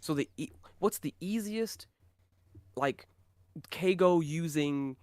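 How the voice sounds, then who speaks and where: A British man co-hosting a podcast, chatting casually and telling animated stories with a lot of swearing. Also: on the high side, slow, no room sound. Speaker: podcast co-host.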